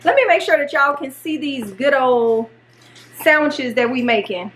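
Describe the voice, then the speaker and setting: A middle-aged woman and mother, hosting a home vlog, telling a story in an animated, excitable way. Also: high-pitched, moderate pace, roomy sound, recorded from a distance, a little hiss or hum. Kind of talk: casual storytelling. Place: home kitchen.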